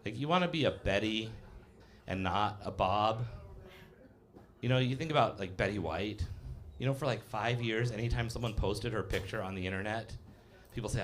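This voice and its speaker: A man's voice: lowish voice, brisk. Man, fifties, stand-up comic in a cafe, rambling self-deprecating patter. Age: 50s. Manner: rambling, self-deprecating, filler-heavy delivery with acted-out voices. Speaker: stand-up comedian. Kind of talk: live stand-up set. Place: live comedy cafe stage.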